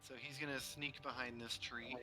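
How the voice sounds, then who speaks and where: A man playing in a tabletop game, playful and excitable. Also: medium pitch, moderate pace, faint music behind, poor audio. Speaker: player.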